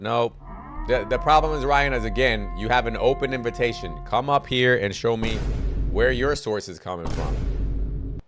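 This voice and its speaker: A man's voice: low voice, background noise. A man hosting a livestream, reading out viewer comments and arguing back with a preachy, combative manner. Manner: argumentative, preachy, reads comments aloud. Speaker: livestream host answering chat. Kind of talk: casual livestream chat, debating commenters.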